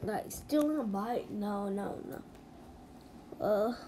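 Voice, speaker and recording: Slow, soft-spoken woman playing a game. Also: medium pitch, slight background noise. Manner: soft-spoken, reads game chat aloud, with slips and drifts into whispers. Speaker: ASMR channel host. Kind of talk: ASMR mobile game playthrough.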